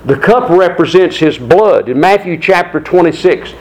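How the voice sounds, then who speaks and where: A man delivers a sermon in a voice pitched a little above the usual for men. He speaks earnestly and deliberately. He lets slow, dramatic pauses hang between his phrases. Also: expressive, low-quality recording. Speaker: preacher.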